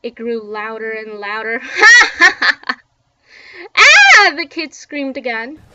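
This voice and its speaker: A woman reading a children's book aloud with expressive, dramatic storytelling, recorded dull and a little distant from the mic. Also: on the high side, normal speed, dry recording. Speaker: book reader.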